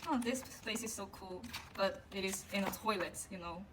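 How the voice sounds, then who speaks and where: A woman unboxing a music album and gushing over it in a casual way, with frequent gasps and a drawn-out delivery full of fillers. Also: mid-range voice, background noise. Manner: excitable, gasps often, gushing. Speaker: vlogger.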